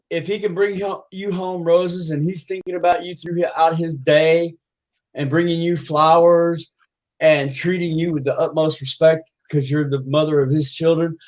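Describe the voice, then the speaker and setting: A man's voice: a little high, darkish tone, low-quality recording. A man lecturing during a heated livestream argument, insistent and repeating himself.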